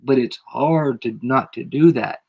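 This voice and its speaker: A channel host with a head cold speaks at a measured pace in a slightly mellow, mid-range voice. During a casual livestream rant, he uses slang, stresses his points emphatically, and repeats them over and over to his live audience.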